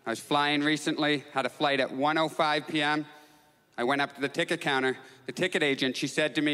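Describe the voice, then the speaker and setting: A man performing a stand-up comedy set, telling neurotic, self-mocking stories and jumping into high excited outbursts. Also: fairly quick, clean tone. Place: stage in a comedy club with audience. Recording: live club recording with long reverb, faint crowd.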